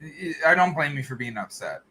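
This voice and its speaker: Bright, chatty male podcast host. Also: a little high, very animated, brisk, husky. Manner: rambling, laughs often, many fillers and restarts. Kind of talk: casual chat.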